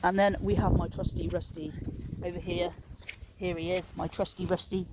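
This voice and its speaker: A woman's voice: on the low side, fairly even intonation, fairly quick, noisy background. A woman in her thirties chatting casually into her phone while walking outdoors, telling a story in a rambling, jokey, self-mocking way. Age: 30s. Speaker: vlogger walking her dogs. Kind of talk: casual chat to a phone camera. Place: outdoors, walking in a public area. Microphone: handheld phone.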